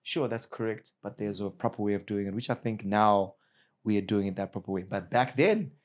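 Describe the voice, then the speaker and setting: Animated man telling stories in an interview. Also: lowish voice, fairly quick. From Zimbabwe. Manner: animated, bursts into a put-on Nigerian accent and laughter. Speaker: actor guest. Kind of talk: casual storytelling interview.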